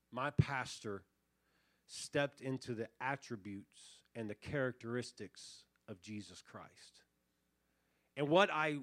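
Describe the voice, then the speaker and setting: A man in his thirties preaching a sermon, telling a story with lively acted-out quotes. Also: medium pitch, no room sound. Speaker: pastor.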